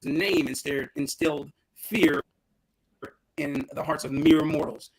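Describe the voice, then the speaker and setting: A man's voice: on the high side, measured pace, husky, poor audio. A man co-hosting a casual porch podcast, animatedly telling a childhood story and acting out the quotes. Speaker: podcast co-host.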